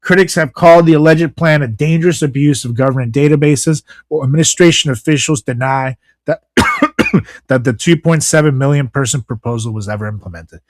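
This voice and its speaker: A man's voice: a little high, brisk, no room sound. A man co-hosting a podcast, ranting casually and sarcastically about the news with lots of swearing. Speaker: podcast co-host.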